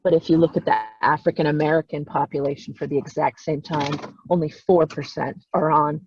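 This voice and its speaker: A woman's voice: sits low, flat delivery, fairly quick, darkish tone, slight background noise. Tearful woman on a dull video call. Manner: tearful, gushing, repeats herself. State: choked up, crying. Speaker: volunteer genealogist. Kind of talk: emotional participant remarks.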